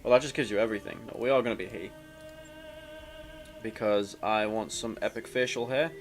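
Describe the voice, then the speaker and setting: Faint music plays behind this man as he comments casually on a video game he's playing, his lowish voice fairly quick. As a let's play commentator he reads the story text aloud, rambling self-deprecatingly with many restarts.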